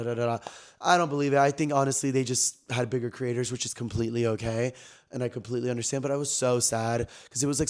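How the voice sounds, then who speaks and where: A young man talks fast and loosely on his own podcast, mid-pitched and full of slang. He tells a story like gossip to friends, getting loud and then dropping low in quick swings. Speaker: podcast host. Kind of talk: casual storytelling chat.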